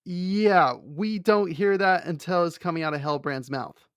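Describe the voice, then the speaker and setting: A man's voice: high voice, unhurried, clear, resonant tone, no room sound. A man co-hosting a casual chat, talking in a rambling way with many fillers and restarts. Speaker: podcast co-host.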